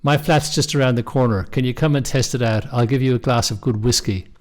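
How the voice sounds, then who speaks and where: A man voicing a polite, well-dressed elderly gentleman who speaks formally, in a storybook reading. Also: mid-range voice, fairly quick, close to an everyday voice.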